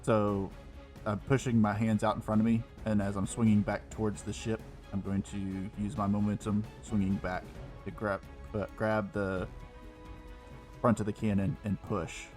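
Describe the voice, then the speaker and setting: Man, lowish voice, casual tabletop player, explaining moves, faint music. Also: little pitch movement, moderate pace, darkish tone. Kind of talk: tabletop game play.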